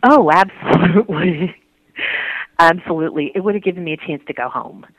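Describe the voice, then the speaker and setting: A woman recalls a painful time in her faith life, earnest and halting. She restarts her sentences often, and her voice comes through a tinny, dry phone line. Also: lowish voice, dry recording. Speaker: interviewee. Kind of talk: personal faith interview.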